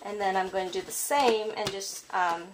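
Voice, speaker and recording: A woman's voice: mid-range voice, fairly even intonation, moderate pace, heavy background noise. A woman casually narrating a card-making tutorial at her craft table, chatty and apologetic, with plenty of ums.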